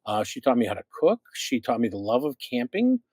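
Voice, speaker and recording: Veteran radio host, male, Midwest-raised, expressive storyteller, dry studio sound. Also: medium pitch, a little fast, breathy edge, dry recording. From American Midwest. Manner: animated storyteller acting out quotes. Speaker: radio show host, guest. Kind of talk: casual storytelling chat.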